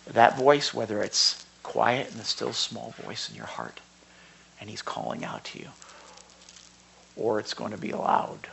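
A man teaching from the Bible in a conversational sermon, earnest, swinging from loud rhetorical questions to hushed asides. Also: lowish voice, big pitch swings, a little slow, creaky, a little hiss or hum.

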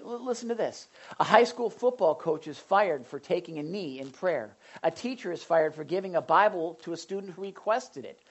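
A woman preaching an impassioned sermon, often repeating and restarting words as she builds to loud cries. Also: on the low side, low-quality recording.

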